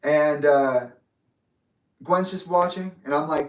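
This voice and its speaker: A man's voice: on the high side, lively intonation, slow. A young man telling a personal story in an emotional monologue, getting heated and swearing as he vents. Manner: angry, heated, swearing, acts out quoted arguments. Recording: roomy echo, voice a bit distant from mic.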